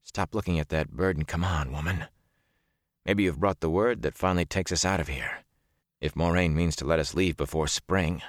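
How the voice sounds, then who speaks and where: A man narrating a storybook who voices a young man speaking softly and with restraint. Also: deep voice, moderate pace, no echo, studio quality, close to an everyday voice. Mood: impatient. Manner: soft, restrained. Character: young male blacksmith-soldier, quiet and careful.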